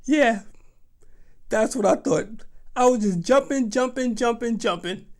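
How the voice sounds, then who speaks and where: A young man tells a comic story in an animated, dramatic, exaggerated way. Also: extremely high pitch, measured pace. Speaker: vlogger.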